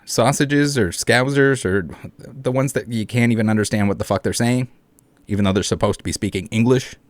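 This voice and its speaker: A man's voice: medium pitch, fairly quick, no echo. Sarcastic swearing man on a commentary channel. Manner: sarcastic, mocking, swears freely. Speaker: YouTube commentator. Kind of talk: casual commentary reading comments and an article.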